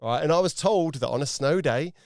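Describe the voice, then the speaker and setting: A man's voice: a little high, fairly quick, gravelly, a little mellow, no room sound, clean studio sound. A man hosting a casual podcast, teasing his co-host and laughing often.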